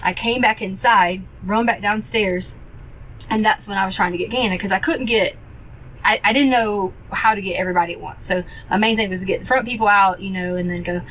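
A woman talking in a recorded police interview, rambling and halting with many fillers and restarts. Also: mid-range voice, fairly even intonation. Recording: tinny phone-like archive audio with faint hiss.

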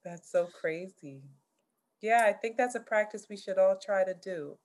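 A young adult woman co-hosting a podcast in casual chat, blunt and profane and quick to laugh. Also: mid-range voice. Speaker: podcast co-host.

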